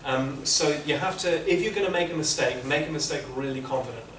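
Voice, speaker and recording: A man's voice: on the high side, fast talker, fairly bright tone, distant mic, slight background noise. Man giving echoey classroom feedback. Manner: patient, explanatory, many restarts. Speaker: interpreting teacher giving feedback.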